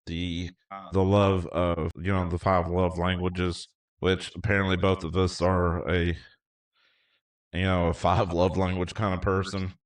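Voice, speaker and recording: A middle-aged man with a very low, deep voice tells a personal story on his podcast. He speaks earnestly and from the heart, wandering off a little and filling pauses with "um" and "like". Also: flat delivery, far from the mic. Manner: earnest, heartfelt, rambling with fillers. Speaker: podcast host. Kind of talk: casual storytelling.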